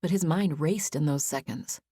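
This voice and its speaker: A woman narrating a romance audiobook in an even, measured storytelling manner on a close studio mic. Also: low-pitched, breathy edge, no echo. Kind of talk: scripted narration.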